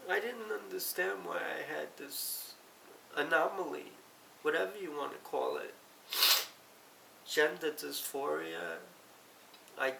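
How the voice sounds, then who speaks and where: A middle-aged woman giving a halting, emotional personal confession, close to tears and often correcting herself. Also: lowish voice, gravelly, a bit bright. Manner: halting, tearful, self-correcting. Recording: roomy, distant mic, faint hiss.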